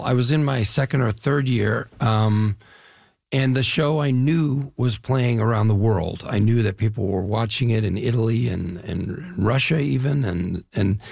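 A man's voice: mid-range voice, measured pace, gravelly, a little mellow, dry recording, clean studio sound. An older man from the Chicago area, an actor telling stories with enthusiasm in a casual interview. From Chicago area, USA. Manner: enthusiastic, rambling storyteller. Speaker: actor guest.

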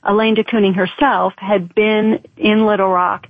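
A woman from a museum calling in to a radio interview, describing artworks with measured enthusiasm. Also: mid-range voice, little pitch movement, no room sound. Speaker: museum representative guest. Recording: tinny phone line.

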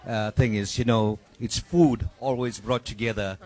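A man's voice: fairly low pitch, steady tone, unhurried, mellow. A man answering an interview question in a casual, rambling way, filling his sentences with "you know". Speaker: guest.

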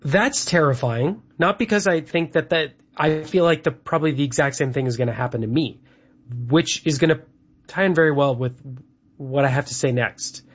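A man's voice: a little high, moderate pace, breathy edge. A man hosting a casual chat, talking in a rambling way with lots of fillers. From Canada. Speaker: host. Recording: dull lo-fi sound.

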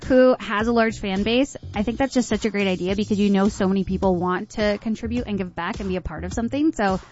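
A woman's voice: mid-range voice, fast talker, a little mellow. A woman radio host chatting casually and enthusiastically, gushing about things she likes. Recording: dull lo-fi radio broadcast.

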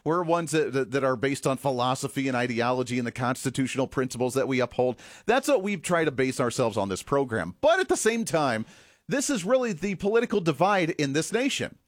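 A man's voice: mid-range voice, expressive, a little fast, no room sound, studio quality. A man hosting a political commentary show, talking with sarcastic asides and the odd chuckle. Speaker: host.

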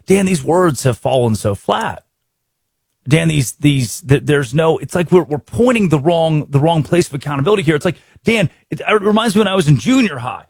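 Excitable sports host, husky and fairly high-pitched, dry close mic, restless rambling delivery. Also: male voice, brisk, no echo. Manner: excitable, talks in bursts with repeats and restarts. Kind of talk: animated sports commentary.

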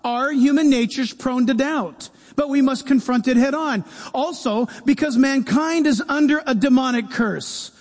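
A man preaching a sermon as pastor, animated, with humorous asides. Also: very high voice, measured pace, few pauses. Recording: long hall reverb.

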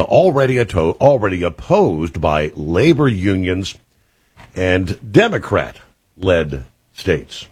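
A male radio host chats with callers in a loose, folksy way and often repeats himself. His voice is low and husky, with a lively swing in pitch. The sound is close and dry. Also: dry recording. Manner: folksy, conversational, with fillers and repeats. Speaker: radio talk show host. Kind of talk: call-in radio talk.

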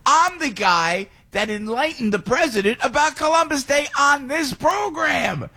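A middle-aged man, hosting a radio show and telling a rambling, excitable story. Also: very high voice, unhurried, no echo. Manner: excitable, rambling, acts out other voices. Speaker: radio host.

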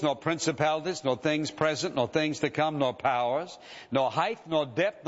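A man preaching in a large hall, his slightly high voice carrying a long reverb. The sound is a little dull. He keeps a measured pace and slows down for scripture. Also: fairly bright tone. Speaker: pastor. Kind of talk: sermon.

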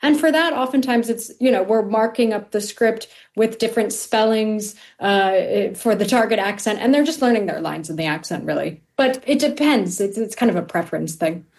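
Female dialect coach, clear and explanatory, mid-pitched. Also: normal speed, few pauses, a little mellow. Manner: articulate, explanatory, some fillers. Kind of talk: interview answers.

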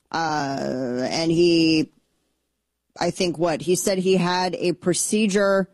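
Middle-aged lady talk radio host ranting, lowish voice, sarcastic and blunt, dry studio mic. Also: dark tone, no room sound. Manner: fired-up, sarcastic, blunt, mocking voices of opponents. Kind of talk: opinionated political talk radio monologue.

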